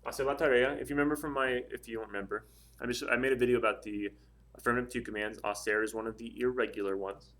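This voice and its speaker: A man teaches a Spanish grammar lesson in a casual, patient manner, working through examples step by step with lots of ums and uhs. His medium-pitched voice is steady and fairly bright, and he talks at a quick pace.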